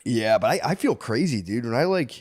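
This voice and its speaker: A man's voice: medium pitch, big pitch swings, fairly quick, darkish tone, no echo, studio quality. A man in his thirties co-hosting a podcast, telling rambling stories in casual chat and swearing a lot. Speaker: podcast co-host.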